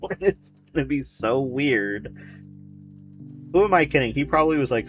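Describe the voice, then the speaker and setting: A man's voice: mid-range voice, expressive, normal speed, soft background music. A man streaming a video game, rambling and joking with casual commentary, swearing and laughing often. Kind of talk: casual let's-play commentary.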